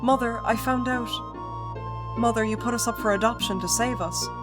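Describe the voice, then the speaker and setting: A woman's voice: a little high, fairly even intonation, normal speed, natural voice. A devoted young daughter pleads with her mother in an earnest, tearful voice, as a woman plays her. Her voice sits a little above the reader's own, with game music running underneath. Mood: pleading.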